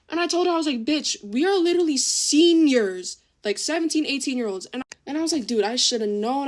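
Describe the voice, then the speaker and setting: Chatty young woman, fairly high voice. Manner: chatty, swears a lot, acts out quoted voices. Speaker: vlogger. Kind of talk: casual storytime chat.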